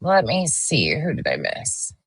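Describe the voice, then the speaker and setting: A woman's voice: a bass voice, huge pitch swings, measured pace, breathy edge, no echo. A woman hosting a casual livestream, greeting viewers by name as she reads the chat and speaking bluntly, with the occasional swear. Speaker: livestream host.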